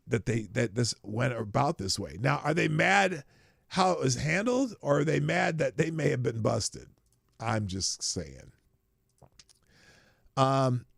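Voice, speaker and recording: A man's voice: lowish voice, vocal fry, no room sound, clean studio sound. A man hosting a casual livestream show, rambling, profane and flippant, tired and yawning as he talks.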